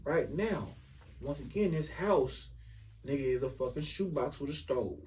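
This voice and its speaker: A man casually telling an animated, profane story on a podcast, acting out the dialogue as he goes. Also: a little high, normal speed, a little hiss or hum. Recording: voice a bit far from the mic.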